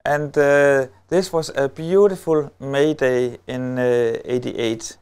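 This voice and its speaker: A middle-aged Danish man speaking on a stage at a conference, telling a story with wry humor and many halting filler sounds. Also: medium pitch, fairly even intonation, darkish tone, clear, resonant tone. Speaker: lecturer. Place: on a stage before an audience.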